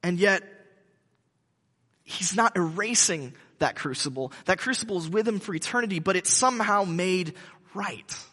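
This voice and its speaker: A male pastor giving a conversational sermon, halting with frequent restarts. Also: high-pitched, lively intonation, pushed and bright, in a large hall.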